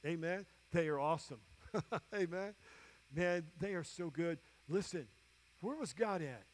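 Man in his fifties, preacher, high voice, call-and-response sermon, soft scripture readings, loud declarations. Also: a little slow, slight background noise. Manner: call-and-response preaching, asking "Amen?" often; drops soft and low for scripture, builds loud at the close.

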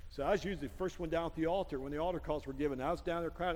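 A male pastor preaching a sermon, telling stories with a laugh and building to a loud prayer. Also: a little high, racing, long reverb tail. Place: church sanctuary.

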